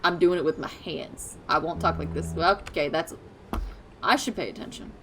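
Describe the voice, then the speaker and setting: A woman's voice: sits low, normal speed. A woman live-streaming a driving game, chatting casually and talking back to the traffic and her chat. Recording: clear vehicle noise from the game. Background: truck engine and road noise from the game.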